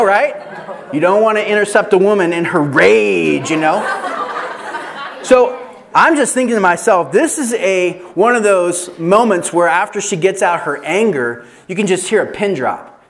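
High-voiced, animated male pastor. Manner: animated storytelling with laughter and self-deprecating asides. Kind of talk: sermon at an evangelism training.

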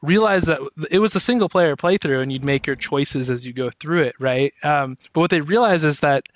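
Animated laughing man on a dry mic. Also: on the high side, brisk, no echo. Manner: animated storyteller, laughs often. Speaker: podcast co-host. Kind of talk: casual chat.

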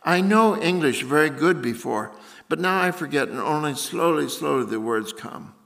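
A man voicing a blunt, solemn middle-aged German doctor who speaks English haltingly, with slips and broken grammar. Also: on the high side, animated, gravelly, fairly bright tone, voice pushed up.

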